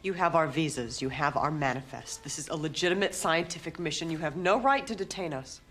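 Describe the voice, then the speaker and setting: A man's voice: fairly high pitch, brisk, a bit bright, soft background music, close to an everyday voice. A man putting on a stiff, formal voice for an indignant scientist protesting detention.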